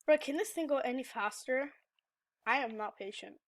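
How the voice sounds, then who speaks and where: A woman giving live gameplay commentary, excitable, yelling and groaning at the game as she plays. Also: sits high, normal speed. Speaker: gamer.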